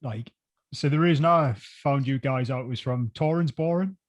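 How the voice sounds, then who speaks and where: A man's voice: mid-range voice, moderate pace. British man, podcast host, casual interview, rambling, restarts questions.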